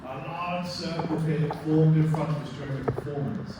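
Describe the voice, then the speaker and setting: A man's voice: on the high side, fairly even intonation, normal speed. Man giving a speech in an echoey hall. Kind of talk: wedding speech. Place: wedding reception hall. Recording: echoey hall, distant mic, background noise.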